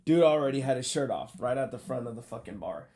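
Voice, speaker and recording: A man casually telling a story, animated and profane, acting out what people said. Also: mid-range voice, fast talker, a crowd in the background. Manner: animated, profane, acts out quotes.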